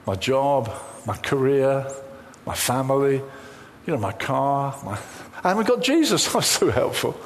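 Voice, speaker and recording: A man's voice: mid-range voice, expressive, a little slow, slight background noise. A man preaching a sermon, telling a personal story full of quoted dialogue. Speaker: pastor.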